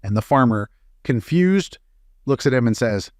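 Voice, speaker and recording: A man's voice: medium pitch, animated, moderate pace, very noisy. A man reading a string of jokes aloud in a casual storytelling way, with small slips and fillers. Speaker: joke reader.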